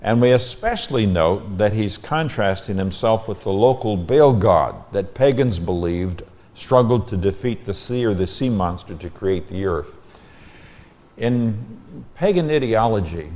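A man reading psalms aloud and explaining the Hebrew text, measured and explanatory, stressing key verses. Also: low voice, darkish tone. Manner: measured, explanatory, emphatic when quoting verses. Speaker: Bible teacher. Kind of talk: scripture reading and teaching.

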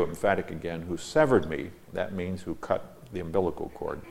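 Male Bible teacher, very low voice, reads verses with weight, then explains them plainly. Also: brisk, gravelly, few pauses, darkish tone. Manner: reads scripture aloud, then stops to explain Hebrew words.

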